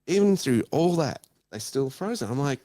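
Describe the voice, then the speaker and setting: A man's voice: mid-range voice, very animated, normal speed, warm tone, no echo. A man on a casual panel chat, telling stories expressively and laughing through his complaints.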